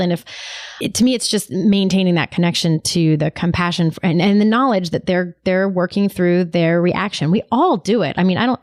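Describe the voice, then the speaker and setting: A woman co-hosting a podcast, talking in an animated, teasing way with lots of fillers. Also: mid-range voice, no echo, studio quality. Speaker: podcast co-host. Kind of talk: casual chat.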